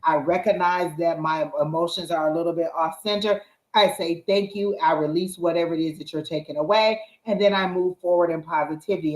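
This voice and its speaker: Earnest woman tarot reader in a roomy space. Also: sits low. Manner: earnest and repetitive, coaching tone. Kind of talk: casual spiritual advice during a live reading.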